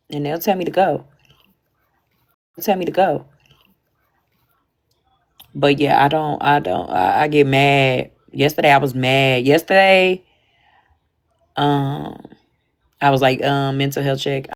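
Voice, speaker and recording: A young woman with talks frankly on a casual livestream. Her voice sits low, and she circles back over her words and restarts often. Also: normal speed. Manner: candid, repetitive, emphatic with frequent restarts. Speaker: livestream host.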